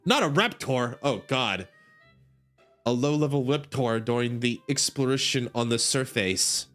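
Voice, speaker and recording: A man's voice: mid-range voice, lively intonation, a little slow, a bit bright, soft background music. A man streaming, casually reading a game story aloud, giggling, rambling and stumbling over words.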